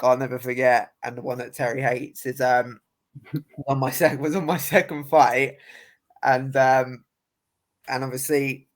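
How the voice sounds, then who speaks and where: A young man, a boxer telling stories in casual podcast chat, laughing often and restarting his sentences. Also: medium pitch. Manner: laughing, storytelling with many restarts.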